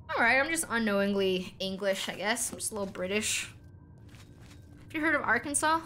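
Giggly chatty young woman streamer, bright voice. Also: mid-range voice, a little hiss or hum. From North America. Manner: chatty, giggly, rambling with restarts. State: voice cracking. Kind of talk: casual gameplay commentary.

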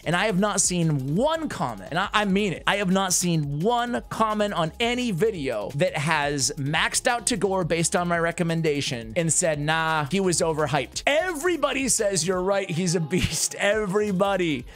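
Man, higher-pitched voice, casual gaming commentary, energetic, rambling, addresses viewers directly. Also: moderate pace, soft background music. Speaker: game guide creator.

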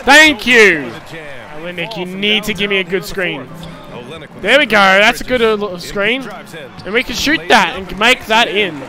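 Man, gaming YouTuber, high-pitched, bright and sharp tone, excitable play-by-play cheering, casual chat to viewers. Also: a little slow. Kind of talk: live gameplay commentary.

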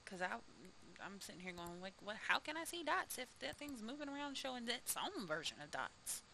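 A woman streamer talks her way through a ghost-hunting game. She is chatty and easily startled, her pitch swings widely, and now and then she drops to a whisper. Steady game noise sits clearly behind her voice. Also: a little fast, poor audio. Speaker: gaming streamer. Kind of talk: casual gameplay commentary.

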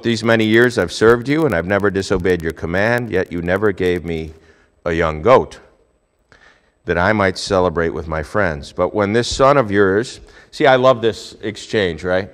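A male pastor preaching a sermon, telling a Bible story with lively swings between hushed and loud delivery. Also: low-pitched.

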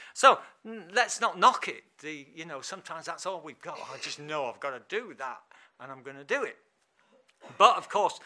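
Chatty man, lay preacher in church, lively pitch, ringing bright tone. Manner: chatty and animated, laughs often. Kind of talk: informal sermon.

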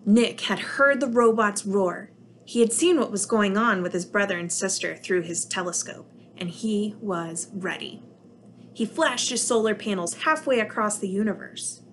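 Reading a picture book aloud to young children, a preschool teacher tells the story with lots of expression. Her voice is middle-pitched at a normal speed, with a slight hiss or hum in the background.

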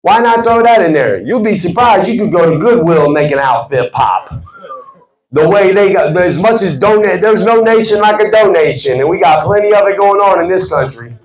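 A man's voice: high voice, animated, normal speed. A man giving a motivational talk to a sales team, stressing his words with an emphatic, preacherly cadence. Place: team meeting room. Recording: echoey meeting room.

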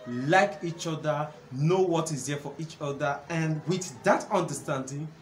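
A man hosting a solo talk on relationships, earnest and conversational, often pausing with fillers. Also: fairly high pitch, soft background music. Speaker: host, counselor. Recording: echoey room with faint background noise.

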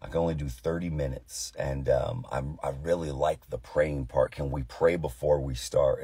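Deep, husky-voiced man praying. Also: fairly even intonation, normal speed, hardly any pauses, dark tone, no room sound. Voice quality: deep, tired voice. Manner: earnest, conversational, with frequent fillers and restarts. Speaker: pastor. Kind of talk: prayer and casual devotional talk.

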